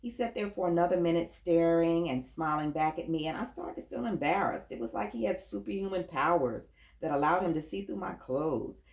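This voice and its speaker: A woman with a low voice reads a first-person story aloud in an even, storytelling manner. Her voice carries a noticeable roomy echo from the recording. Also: a little fast, few pauses. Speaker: audiobook narrator. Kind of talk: first-person audiobook narration.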